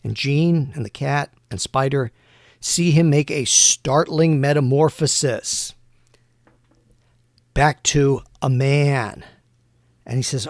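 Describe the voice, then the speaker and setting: A man's voice: medium pitch, slow, long pauses, no echo, studio quality. Casual man narrating a solo tabletop game. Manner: casual, rambling. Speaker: game master.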